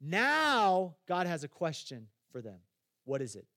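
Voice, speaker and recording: A man's voice: on the high side, wildly swooping pitch, a little slow, sharp tone, no echo, clean studio sound. A man preaching a sermon as a pastor, talking conversationally, putting questions straight to his listeners and repeating phrases for emphasis.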